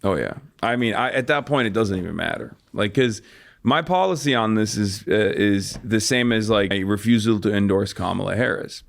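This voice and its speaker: A man's voice: on the low side, moderate pace, gravelly. A man talking politics on a stream in an argumentative, lecturing way. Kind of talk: casual political talk.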